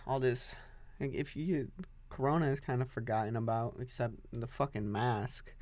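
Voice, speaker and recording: Standing with his coffee, a young solo podcaster rambles and swears, often repeating himself. He speaks at a moderate pace with a steady tone in a medium-pitched, slightly mellow voice, and there's no echo.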